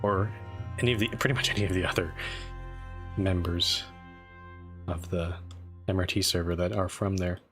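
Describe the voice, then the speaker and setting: A man's voice: low-pitched, fairly even intonation, normal speed, long pauses, fairly bright tone, soft background music. A man streaming a strategy game, chatting casually and self-deprecatingly with lots of restarts. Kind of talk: casual live-stream commentary.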